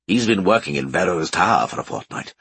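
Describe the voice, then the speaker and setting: A man doing a hearty, booming big husband. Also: lively intonation, brisk, vocal fry, fairly bright tone, slight background noise, full character voice. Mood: hearty joking.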